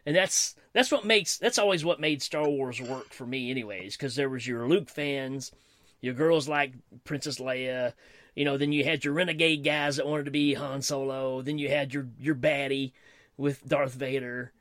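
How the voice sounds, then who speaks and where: A man's voice: medium pitch, normal speed, a bit bright, no echo, clean studio sound. A man talking enthusiastically in a casual conversation, laughing easily. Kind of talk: casual fan chat.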